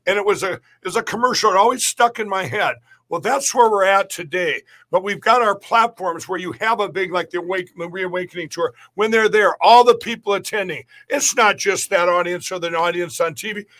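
A man's voice: high-pitched, brisk, hardly any pauses, sharp tone. A middle-aged man talking as a guest in a podcast interview, rambling and emphatic, often restarting his sentences.

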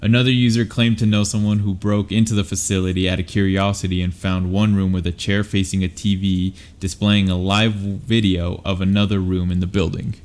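Young man, low-pitched, laid-back co-host reading articles aloud with some stumbles. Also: level tone, brisk, hardly any pauses, darkish tone. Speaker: podcast co-host.

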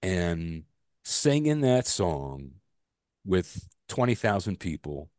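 A male podcast co-host tells stories in a loose, animated way, his pitch ranging widely and leaping up when he gets exasperated. He swears freely. The sound is dry and close. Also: slow, no echo. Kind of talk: casual chat.

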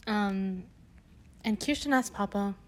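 A young woman reads a children's chapter book aloud at a middle pitch. She breaks in with gushing, chatty remarks between passages, then slips back into the story. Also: takes it slowly, poor audio. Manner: gushing, animated asides between read passages. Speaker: book reader.

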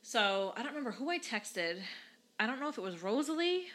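Fast, bright-voiced New woman storyteller. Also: a little high, poor audio. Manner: animated, swears freely, quotes herself in dialogue. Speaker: podcast co-host. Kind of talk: casual storytelling chat.

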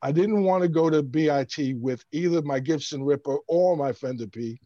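Brooklyn guy, bass player telling a story, kinda high voice, keeps restarting his words, dull dry sound. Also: moderate pace, dry recording. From Brooklyn, New York. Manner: animated, stammering restarts. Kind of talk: casual storytelling.

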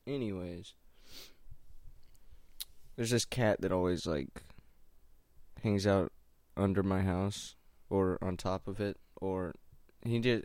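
A man's voice: low voice, darkish tone, dry recording. A young man rambling casually at home in a laid-back, meandering, slangy way. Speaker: stand-up comic doing open mics.

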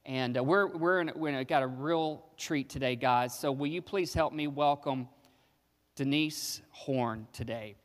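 A man's voice: medium pitch, a little slow. Man introducing a guest preacher in a hall. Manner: warm, praising. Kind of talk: introduction from the pulpit. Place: church sanctuary. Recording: long reverb from a hall.

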